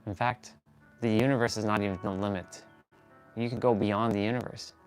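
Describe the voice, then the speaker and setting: Male livestream host, lower register, earnest and meandering, thinks aloud while stretching on the floor. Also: steady tone, brisk, soft background music. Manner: earnest, rambling, restarts and corrects himself. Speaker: fitness and motivation livestream host. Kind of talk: motivational talk while stretching.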